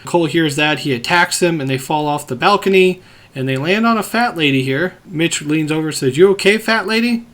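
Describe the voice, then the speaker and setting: A man hosting a podcast, recapping a movie scene by scene and acting out the quotes in lively voices. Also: a little high, a little fast. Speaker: podcast host.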